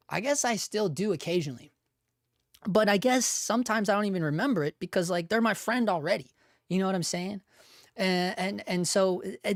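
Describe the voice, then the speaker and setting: A young man with a high-sitting voice hosts a casual livestream in clean studio sound with no room echo. He rants hard and profanely, fired up and repeating words a lot, and chuckles as he reads viewer comments.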